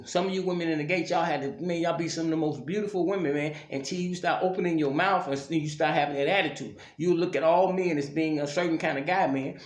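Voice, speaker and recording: A man giving preachy relationship advice straight to viewers in a casual monologue, often checking "you see what I'm saying". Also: fairly high pitch. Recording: echoey room.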